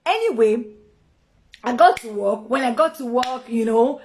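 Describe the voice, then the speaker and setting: Chatty woman host telling a story, pitched high. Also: measured pace, slight background noise. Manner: animated and chatty, greets viewers mid-story; talkative, with many asides and restarts. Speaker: live-stream host. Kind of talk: personal storytelling on a live stream.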